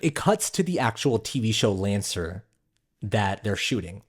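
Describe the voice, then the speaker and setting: A man's voice: on the low side, unhurried, husky. A young man co-hosting a podcast, chatting casually about a movie and acting out its quotes. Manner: animated, acts out movie quotes. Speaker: podcast co-host. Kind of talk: casual film review chat.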